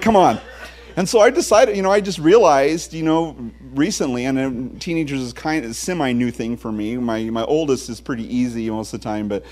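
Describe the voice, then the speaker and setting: A man in his forties preaches in a church, his mid-pitched voice turning animated as he tells stories. He mixes humor into his sermon. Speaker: pastor. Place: church sanctuary.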